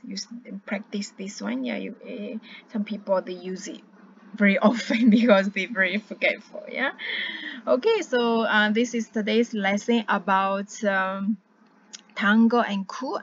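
A woman teaching an online language lesson. She talks patiently, repeats each word slowly, and often says "yeah" and "uh". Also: mid-range voice, slightly rough, lo-fi sound.

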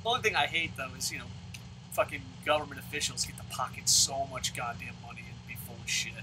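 A man ranting profanely as he plays a baseball video game, with loud outbursts. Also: mid-range voice, quick pace, noisy background. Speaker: let's play host. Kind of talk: profane gaming commentary rant.

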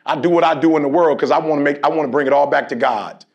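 A motivational speaker giving a fiery talk to a team, telling stories in casual slang and leading call-and-response with shouts and repeated phrases. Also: male voice, a little high, rapid-fire, vocal fry, highs cut off. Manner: storytelling in casual slang, acts out dialogue.

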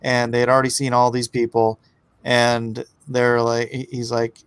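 A man's voice: medium pitch, completely flat delivery, normal speed, smooth, dry recording. Guy rambling thru a story, dry close mic, lots of restarts. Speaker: co-host. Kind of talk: casual storytelling.

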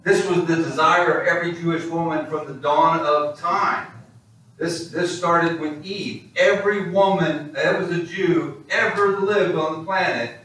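A male pastor preaching a sermon in a church, animated and storytelling. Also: on the high side, a little slow. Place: church sanctuary. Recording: echoey hall, distant mic.

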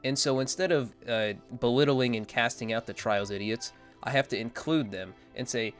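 A man's voice: medium pitch, moderate pace, hardly any pauses, fairly bright tone, soft background music. A man giving casual, rambling opinion commentary as a gaming content creator, blunt and dismissive.

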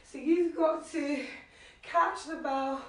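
Woman coaching a workout, out of breath, slow and encouraging, counting reps, super echoey and far off. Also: fairly even intonation, a bit bright. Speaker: fitness instructor. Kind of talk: live workout class instruction. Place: living room at home. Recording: very echoey room, distant, low-quality web stream.

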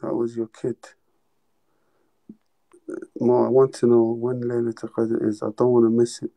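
A man's voice: mid-range voice, completely flat delivery, normal speed, vocal fry, mellow, highs cut off. A young man hosting a casual livestream, teasing callers bluntly in street slang. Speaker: livestream host.

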